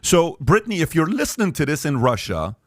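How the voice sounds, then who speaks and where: A man's voice: on the high side, very animated, a little fast, no room sound, clean studio sound. Emphatic man hosting a podcast. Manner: emphatic, rhetorical questions to the panel. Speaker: podcast host. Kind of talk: animated podcast talk.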